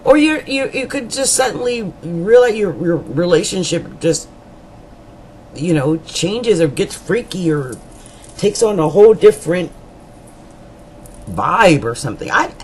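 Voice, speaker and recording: Lively, rambling woman astrologer. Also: fairly low pitch, measured pace, pauses often, slight background noise, rough recording. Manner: rambling, colloquial and chatty, with asides and jokes; repeats words for emphasis. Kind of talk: monthly horoscope reading to camera.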